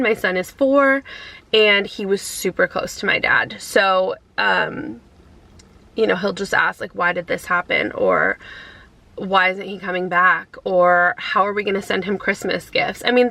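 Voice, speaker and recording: A woman in her thirties chatting casually to camera from her car, emotional and near tears, halting with many fillers. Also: medium pitch, sharp tone, no echo, poor audio. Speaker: vlogger. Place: inside a car.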